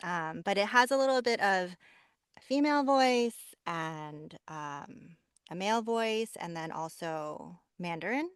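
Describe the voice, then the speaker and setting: A woman voice actor, a guest on a podcast, talking softly and hesitantly with many ums and small laughs. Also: lowish voice, animated, a little slow, clean tone, no echo, studio quality. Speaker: voice actor and audiobook narrator. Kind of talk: relaxed podcast conversation.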